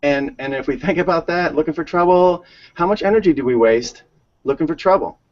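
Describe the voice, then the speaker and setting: A man's voice: fairly high pitch, a little fast. A man co-hosting a casual conversation, chatty and given to repeating words as he tells stories. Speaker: co-host. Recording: dull lo-fi sound.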